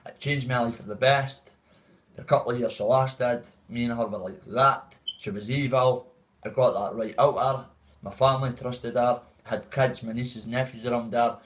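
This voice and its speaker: This livestream host from Dundee, Scotland, rambles casually and at length to his viewers, greeting the chat as "mate" in his Dundee Scottish accent. His voice is medium-pitched and steady at a normal speed, though the recording quality is low.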